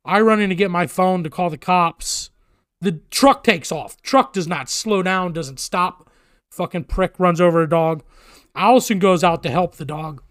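A man's voice: sits high, normal speed, no room sound, clean studio sound. A man casually telling a story on a podcast, swearing often and acting out what people said. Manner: profane, animated storytelling.

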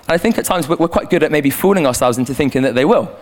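A man's voice: fairly high pitch, lively intonation, racing. Young guy youth leader preaching at church, earnest and chatty, lots of restarts, handheld mic. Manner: earnest, conversational with frequent restarts. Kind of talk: sermon. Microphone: handheld microphone.

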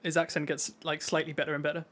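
A man co-hosting a podcast in casual chat, excitable and blunt with his opinions. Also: a little high, quick pace. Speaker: podcast co-host.

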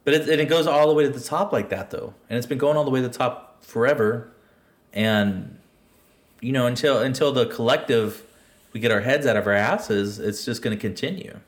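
A man's voice: mid-range voice, a little fast. A man co-hosting a podcast, talking politics in a rambling, profane way, restarting sentences and laughing at his own jokes. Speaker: podcast co-host. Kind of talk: casual profane political chat.

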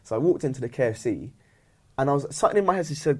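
Young man, podcast co-host, rattles through an animated anecdote, quick delivery. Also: medium pitch, husky. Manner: animated, acts out his own thoughts. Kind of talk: storytelling banter.

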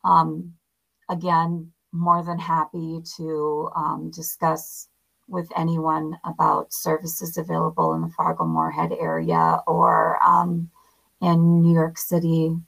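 A woman, a podcast guest speaking candidly and haltingly with many fillers. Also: low-pitched, monotone, vocal fry, fairly bright tone, husky, low-quality recording. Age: 50s. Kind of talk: candid interview talk.

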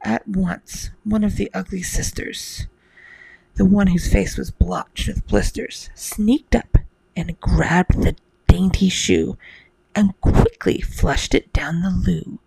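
A woman's voice: lowish voice, lively intonation, slow pace, gravelly, mellow, husky, no echo, low-quality recording. A woman telling a rhymed bedtime story to the listener in a whispered role-play.

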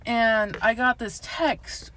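A woman's voice: on the high side, steady tone, takes it slowly, fairly bright tone, no echo. Chatty young woman, rambling and swearing. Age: young adult. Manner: rambling, heavy filler words, laughs often, swears. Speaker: guest telling a personal story. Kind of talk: casual chat.

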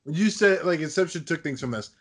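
A young man in casual chat, pausing often to search for his words. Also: on the high side, animated. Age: young adult.

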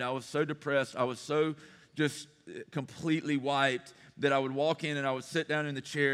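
A man's voice: mid-range voice, a bit bright, clean tone. A middle-aged man, a pastor preaching a sermon in an earnest, personal way with emphatic repetition. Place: church sanctuary. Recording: long hall reverb.

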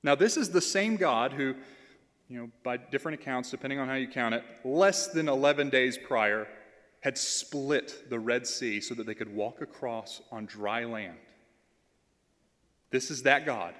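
A man's voice: medium pitch, unhurried, fairly bright tone. Earnest man preaching in a reverberant hall. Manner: earnest preaching that reads scripture aloud and repeats phrases for emphasis. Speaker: pastoral intern. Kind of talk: sermon.

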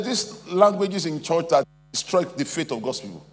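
A man's voice: fairly high pitch, expressive, normal speed, hardly any pauses. A man preaching a sermon as pastor, emphatic and repetitive, calling on the congregation to respond. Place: large convention hall. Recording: reverberant hall, faint hum.

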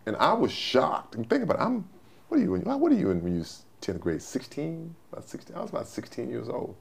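A man's voice: on the high side, very animated, fast, gravelly, husky. A man in his sixties, a former football player telling folksy stories as an interview guest. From Texas, USA. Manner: folksy, repetitive storyteller. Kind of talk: storytelling interview.

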